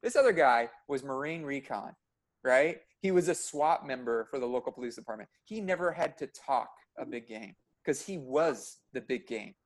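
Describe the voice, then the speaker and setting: A man's voice: mid-range voice, expressive, normal speed. A young adult man, a medical practitioner, talking intensely and bluntly in casual podcast chat, swearing freely.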